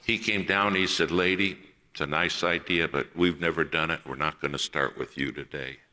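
Male preacher, low and forceful, telling a story from the pulpit and playing each voice in it. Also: steady tone, normal speed. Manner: acts out quoted voices in a personal story. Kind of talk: sermon storytelling.

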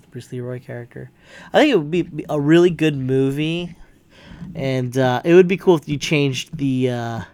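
A man's voice: mid-range voice, gravelly. A man hosting a podcast, retelling a film in a rambling, profane way with lots of fillers and restarts. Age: adult with a young child. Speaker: podcast host. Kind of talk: casual spoken movie recap.

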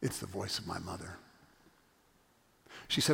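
Gravelly-voiced male pastor in a reverberant church. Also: sits low, measured pace, pauses often. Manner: storytelling, earnest, emphatic refrains. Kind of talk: sermon. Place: church sanctuary. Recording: long reverb of a church hall.

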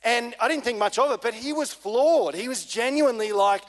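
High-voiced pastor in a hall. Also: male voice, normal speed. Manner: relaxed, conversational, many fillers. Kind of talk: sermon with personal story. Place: church hall. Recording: long reverb of a church hall.

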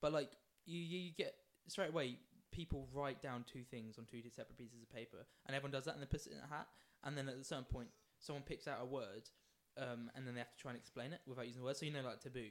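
A young man hosting a casual podcast chat, rambling quickly through explanations and laughing often. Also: mid-range voice, fairly even intonation. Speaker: podcast host.

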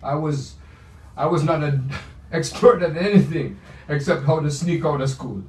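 A man's voice: a little high, normal speed, a little mellow. An older man, reminiscing in a playful, rambling way with many restarts. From Jamaica. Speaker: pianist. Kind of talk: reminiscing monologue. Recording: echoey room, voice from far off.

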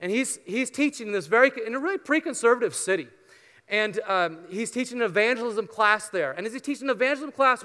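A male pastor preaching a sermon, telling a story earnestly and then leading a soft prayer. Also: high voice, clear, resonant tone. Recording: long hall reverb.

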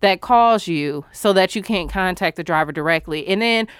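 A woman hosting a casual talk show, telling a story in an animated, exasperated, profane way. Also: fairly low pitch, normal speed, clean tone, no room sound, studio quality.

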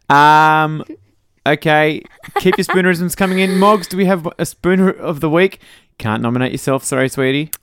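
A man's voice: on the high side, measured pace, background noise. A middle-aged Australian man co-hosting a casual podcast, joking and reading out listener messages. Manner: jokey, reads out listener messages. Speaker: podcast co-host. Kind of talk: casual chat.

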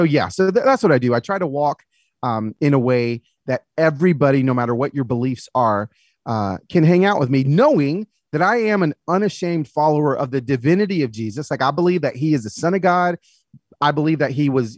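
A man talking as a podcast guest, earnest and animated, telling stories about his faith. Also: a little high, no echo, clean studio sound. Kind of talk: casual conversation.

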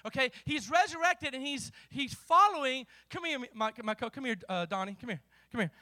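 A man's voice: extremely high pitch, expressive, brisk, bright, forceful tone, no room sound. A man preaching a sermon as pastor, with impassioned delivery and vivid storytelling.

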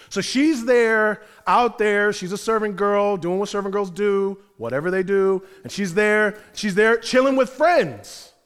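A man preaching a sermon in a high, bright voice, telling the story in a loose, slangy, conversational way. His voice carries a long reverb, as in a large church sanctuary.

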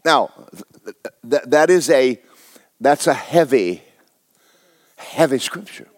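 A man's voice: mid-range voice, lively intonation, slow, no echo, studio quality. A man preaching a sermon as pastor, talking to his congregation with rhetorical questions. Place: church sanctuary.

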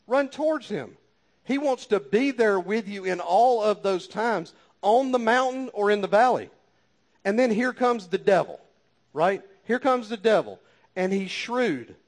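A man's voice: high-pitched, animated, unhurried. A man preaching a sermon with fervent, repetitive exhortations and folksy asides.

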